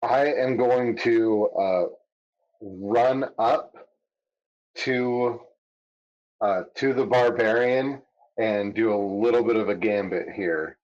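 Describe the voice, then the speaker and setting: A man's voice: on the low side, steady tone, slow, pauses often, darkish tone. A man playing a tabletop game, talking casually and hesitantly with many fillers. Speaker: player. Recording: dull lo-fi mic.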